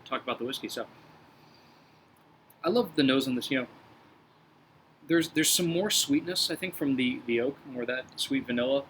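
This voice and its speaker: A man hosting a casual whiskey review, talking through tasting notes in a measured, descriptive and reflective way. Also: medium pitch, a bit bright, a little hiss or hum, low-quality recording.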